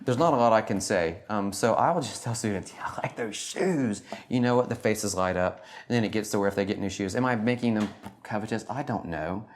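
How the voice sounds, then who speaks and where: A middle-aged man speaking informally to an audience as a teacher, animated and self-deprecating, laughing at his own jokes. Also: on the low side, fairly quick.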